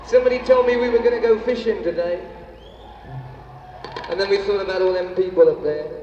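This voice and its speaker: High-voiced singer on distant concert tape. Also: male voice, brisk, dark tone, slight background noise. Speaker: rock singer on stage. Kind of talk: stage banter between songs. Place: large concert arena. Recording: muffled 1970s live concert tape, arena reverb, far from mic.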